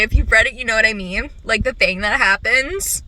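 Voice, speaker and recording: A young woman chatting casually in a book vlog, animated and quick to swear, filmed on a phone. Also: a little high, slight background noise, poor audio. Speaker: book vlogger. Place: at her workplace before clocking in.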